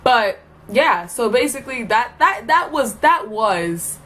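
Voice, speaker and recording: A young woman with a fairly high voice tells school stories in a loose, chatty vlog. She giggles often and fills her talk with "like". A faint noise sits under her voice. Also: big pitch swings, measured pace, a bit bright. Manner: chatty, lots of "like" fillers, giggly. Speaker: vlogger. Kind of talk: casual storytelling vlog.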